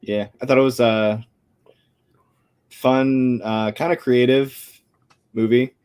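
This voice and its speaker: A man on a podcast panel giving his film rating in a relaxed, hesitant way, with many fillers. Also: medium pitch, slow pace, smooth. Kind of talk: casual film discussion.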